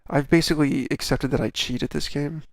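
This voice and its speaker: A man's voice: on the high side, fairly even intonation, a little fast, background noise. A man streaming a video game in a casual, rambling, self-deprecating chat with jokey asides. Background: video game music.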